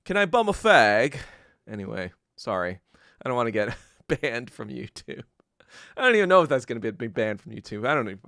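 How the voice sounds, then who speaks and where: A man hosting a podcast in a casual, profane rant that swings between low muttering and loud outbursts. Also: gravelly, smooth, dry recording, studio quality. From Korea. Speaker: podcast host. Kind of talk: casual ranting monologue.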